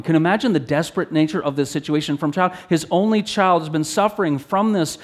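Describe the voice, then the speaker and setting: A preacher gives an expository sermon fast, with hardly any pauses, in an earnest teaching manner. He keeps restarting phrases, and his pitch lifts as he reads scripture aloud.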